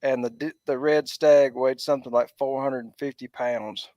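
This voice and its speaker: A man's voice: mid-range voice, steady tone, normal speed, mellow, highs cut off, a little hiss or hum. A man from Georgia, a guest chatting casually in a laid-back, matter-of-fact way. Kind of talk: casual chat.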